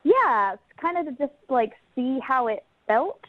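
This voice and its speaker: A woman's voice: high-pitched, big pitch swings, unhurried, no room sound. Chatty woman caller on a dull phone line. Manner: giggly, chatty storytelling. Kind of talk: phone-in chat.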